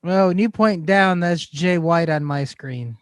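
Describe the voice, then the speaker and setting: A man's voice: fairly high pitch, measured pace, dry recording. A man co-hosting a casual podcast, joking and teasing the others. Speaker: podcast co-host. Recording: clear background noise on his mic.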